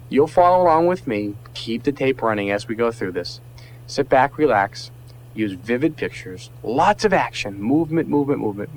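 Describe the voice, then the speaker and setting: A man leading a guided memory exercise, coaching listeners in an emphatic, repetitive way with dramatic pauses. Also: medium pitch, a little hiss or hum, low-quality recording. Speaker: memory trainer.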